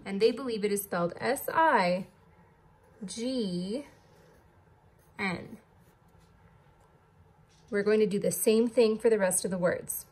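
A woman's voice: mid-range voice, slow pace, pauses often, darkish tone, slightly rough. A woman teacher leading a recorded distance-learning lesson, patiently spelling words letter by letter.

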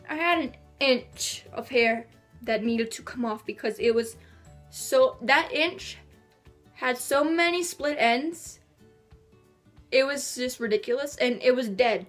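A woman's voice: high voice, lively intonation, measured pace, a bit bright, soft background music. A teenage girl chatting to camera in her bedroom, rambling and bubbly. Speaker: vlogger. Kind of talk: casual chat to camera. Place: bedroom at home.

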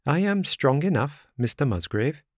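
A man's voice: fairly high pitch, very animated, normal speed, dry recording, studio quality. A man voicing a young female maid who speaks strangely and insistently, in an audiobook story. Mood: strange, fixated.

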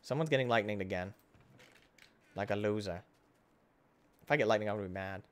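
A man hosts his gaming channel with casual let's-play commentary, excitably swinging between loud outbursts and hushed muttering. His voice is lowish and his pace brisk.

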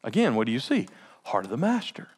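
A male pastor preaching a sermon in an animated, conversational way with laughing asides. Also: mid-range voice, fast, breathy edge.

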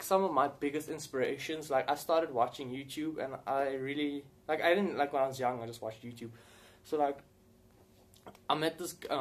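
Swearing guy chatting to camera. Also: mid-range voice. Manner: rambling, heavy swearing, laughs often. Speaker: gaming YouTuber answering viewer questions. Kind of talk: casual Q&A chat to camera.

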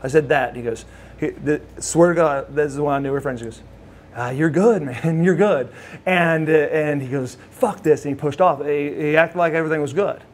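A man in his forties, once a wrestler, tells stories in a relaxed shoot interview, animatedly acting out the voices of the people he quotes. His pitch is fairly high and he talks at a normal speed.

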